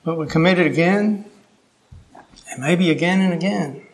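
A man's voice: high voice, moderate pace. A man preaching a sermon, earnest and emphatic, putting questions to his listeners.

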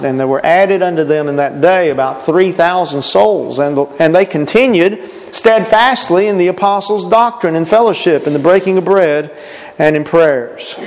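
A man's voice: on the high side, darkish tone, big-room sound, rough recording. A man preaching a sermon earnestly, asking rhetorical questions and stressing his points.

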